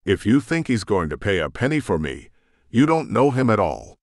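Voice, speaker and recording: A man's voice: on the low side, big pitch swings, moderate pace, darkish tone, no echo, studio quality. A man voicing a headstrong young woman who is a tigress shifter, talking defiantly and with scorn. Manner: defiant, scoffing.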